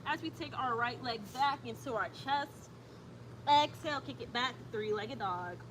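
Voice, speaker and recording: A woman guiding a yoga stretch routine with steady breathing cues and casual asides. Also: fairly high pitch, a little slow, background noise. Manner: calm breath cues, chatty when reading comments. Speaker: yoga instructor. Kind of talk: guided yoga instruction.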